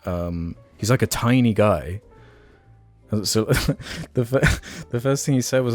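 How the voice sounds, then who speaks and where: A man's voice: mid-range voice, animated, normal speed, a little mellow, faint music behind. A man co-hosting a podcast, telling a long rambling story in casual chat with plenty of fillers and restarts. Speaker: podcast co-host.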